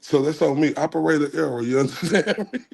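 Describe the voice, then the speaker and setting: A man's voice: fairly high pitch, fast talker, creaky, slightly rough. A man from Texas, chatting casually on his livestream, joking and laughing at himself. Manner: laughs at himself, breaks into singing. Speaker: livestream host.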